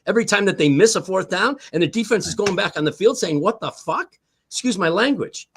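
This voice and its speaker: A man's voice: high-pitched, lively intonation, fast, slight background noise. Emphatic man ranting about football. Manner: emphatic, repeats words, curses for emphasis. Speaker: sports show panelist, former player. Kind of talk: heated sports talk.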